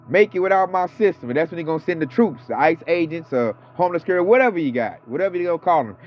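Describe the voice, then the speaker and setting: A man in his thirties or forties giving a casual, fired-up sermon, slangy and profane. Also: a little high. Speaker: preacher. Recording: dull lo-fi audio with faint music.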